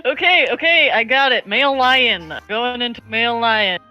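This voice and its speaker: A player in a casual tabletop game, excitable and quick to swear. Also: mid-range voice, highs cut off, faint music behind.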